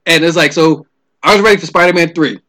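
Man, high-pitched, exasperated casual rant, profane, lots of restarts. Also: fast, sharp tone. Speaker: movie ranter.

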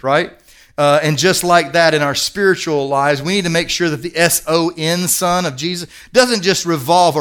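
Middle-aged male pastor, slightly higher voice, earnest sermon delivery that drives points home by repeating them. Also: a bit bright. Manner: earnest, emphatic repetition.

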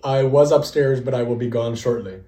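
A young man with a medium-pitched voice speaks fairly quickly, co-hosting a podcast and casually recounting stories. He laughs often and voices the quoted lines himself. The room is echoey, with slight background noise.

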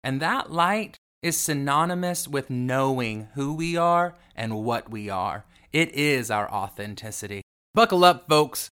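Man, self-help radio host, theatrical, says darling a lot, lively up-and-down pitch. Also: unhurried, clean tone. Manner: theatrical, calls listeners darling.

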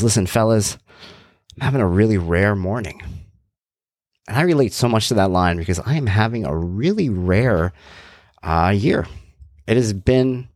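Candid low-voiced man hosting a podcast. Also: no room sound, studio quality. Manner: candid, rambling, jokey asides with quick impressions. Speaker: podcast host. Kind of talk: personal monologue podcast.

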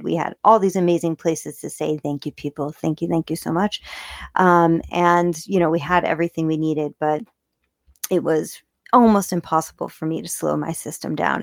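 A woman tells a personal story straight to the camera in a quick, casual rush, breaking into laughter now and then. Her voice sits low and carries a gravelly fry. The sound is close and dry, with no room echo. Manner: fast-talking, chatty, laughs often. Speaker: video creator.

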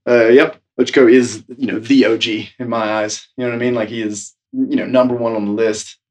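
A man's voice: medium pitch, steady tone, a little fast, a little mellow, recorded from a distance. A man, a snowboard instructor, praising a coworker in casual, filler-heavy talk. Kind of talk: interview tribute.

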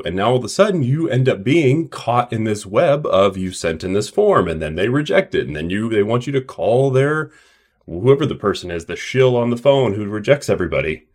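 A man's voice: lowish voice, expressive, fairly quick, darkish tone, husky. Emphatic man coaching practice owners. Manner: emphatic, coaching tone, acts out mock dialogue. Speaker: podcast co-host, clinic owner. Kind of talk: casual business podcast chat.

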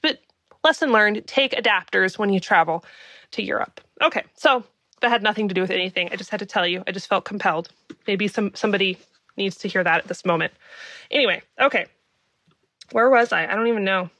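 This American podcast host, a woman in her thirties, speaks briskly at medium pitch with a sharp tone on a dry recording. She's casually recounting something from her own life, laughing and poking fun at herself as she chats.

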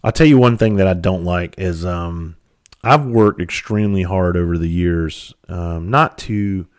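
A man's voice: low voice, measured pace, smooth. A man from South Carolina, a comedian and speaker telling a loose, profane story in casual conversational style.

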